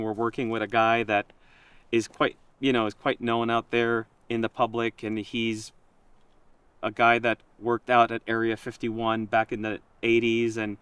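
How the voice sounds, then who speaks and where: Animated man telling a story, dry sound. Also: medium pitch, smooth, no room sound. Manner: animated storyteller, quotes himself and others. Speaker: project creator. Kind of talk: casual conversation.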